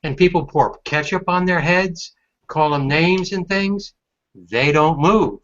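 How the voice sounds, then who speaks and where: A man speaking on a video call, working through his point earnestly and at length. His voice sits a little high for a man, and the call audio is slightly dull. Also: takes it slowly, fairly bright tone. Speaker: hangout panelist. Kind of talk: casual group video chat. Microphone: computer mic on a video call.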